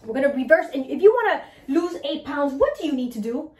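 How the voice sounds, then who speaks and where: A woman coaching her listeners on mindset, talking in an animated way and asking "right?" again and again. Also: sits high, fairly quick, reverberant, a little hiss or hum. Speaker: mindset and weight-loss coach. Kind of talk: motivational talk to listeners.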